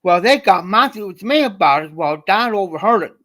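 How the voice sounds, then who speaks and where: On his livestream, an Ohio man rambles through a personal story in a loose, colloquial style, repeating himself as he goes. His voice sits a bit high for a man, slightly bright, with lively intonation and a normal pace.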